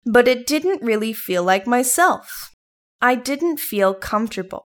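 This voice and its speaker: A woman from Thailand, a native Thai speaker, telling a personal story to her viewers in English. Her accent mixes Thai with British and American sounds, and she speaks in an earnest, gently encouraging way. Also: on the high side, animated, measured pace. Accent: Thai mixed with British and American. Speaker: vlogger. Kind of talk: personal story told to camera.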